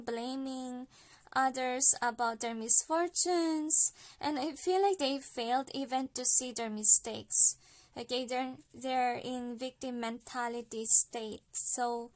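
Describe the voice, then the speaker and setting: A woman from the Philippines giving a casual spoken card reading, chatty, with many fillers, often ending her points with "okay?". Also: high voice. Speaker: card reader.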